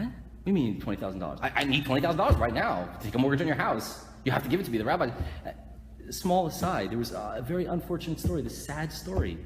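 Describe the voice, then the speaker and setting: A rabbi teaching a live Torah class, joking and putting questions to his listeners. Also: medium pitch. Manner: animated, joking, asks the audience questions. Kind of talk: lively live Torah lecture. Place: lecture hall with live audience. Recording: echoey hall, faint room noise.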